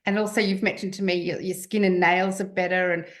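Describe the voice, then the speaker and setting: A woman's voice: lowish voice, level tone, a little fast. Woman host interviewing a guest. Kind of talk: casual interview chat.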